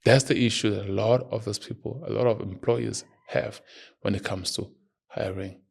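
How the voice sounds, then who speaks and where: A man's voice: lowish voice, fairly even intonation, moderate pace, creaky, husky. A man hosting his own show, giving earnest, emphatic opinion commentary and arguing his point. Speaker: podcast host.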